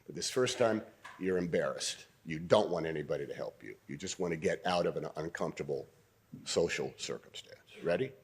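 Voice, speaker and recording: An older man giving an audience an acting exercise, coaching them and trying out lines in different tones, often clearing his throat. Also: very deep voice, expressive, fairly quick. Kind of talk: interactive acting lesson in a lecture. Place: university debating hall.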